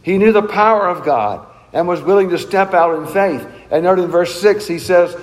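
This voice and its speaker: A man's voice: high voice, lively intonation, normal speed, few pauses, in a large hall, poor audio. A man preaching a sermon in an earnest, emphatic way, asking rhetorical questions. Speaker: pastor.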